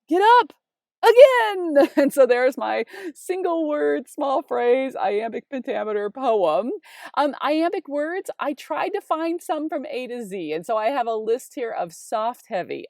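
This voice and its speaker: An upbeat woman in her forties teaches English in a chatty, casual online lesson. She talks straight to the viewer in a mid-pitched voice. The recording is dry and close, with no room sound. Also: darkish tone, no room sound. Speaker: high school English teacher.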